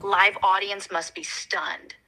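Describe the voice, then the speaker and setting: A woman's voice: medium pitch, fairly even intonation, slow, background noise. A synthetic female AI assistant voice, played from a phone speaker, talking in an upbeat, dramatic way and restating what she hears. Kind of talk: synthetic conversational replies.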